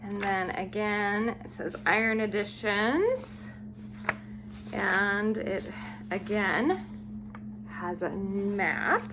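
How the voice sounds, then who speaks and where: A woman vlogger showing off a book haul, gushing and unhurried as she admires each book aloud. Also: mid-range voice, lively intonation, noisy background. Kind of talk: casual book haul show-and-tell.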